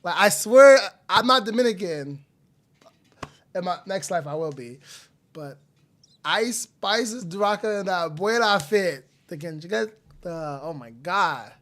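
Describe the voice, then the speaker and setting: A man's voice: high-pitched, animated, slow. Hyped young male streamer reacting. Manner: hyped, slangy, loud outbursts and laughter. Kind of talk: live music reaction stream.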